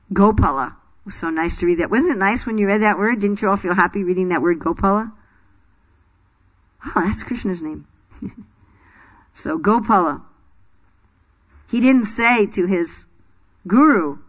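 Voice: medium pitch, unhurried, pauses often, fairly bright tone. A spiritual teacher telling a sacred story to a class in a loose, chatty way. The teacher laughs often and stops to quiz the listeners. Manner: chatty, laughing, quizzes the audience.

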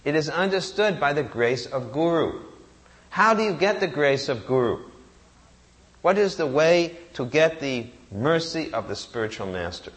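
A man's voice: a little high, lively intonation, measured pace, a bit bright. A man giving a sermon, reciting Sanskrit verses and asking rhetorical questions that he answers himself. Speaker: preacher.

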